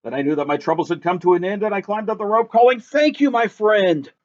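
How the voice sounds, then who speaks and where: A man reading a rhyming picture book aloud in a lively, sing-song, rhythmic way. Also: sits high, racing. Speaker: reader. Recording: dull lo-fi recording.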